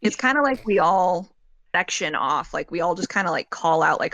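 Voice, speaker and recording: A woman who works as a makeup and effects artist talks casually in an interview, saying "like" a lot in a chatty way. Her voice is on the low side and a bit bright, animated, at a normal speed.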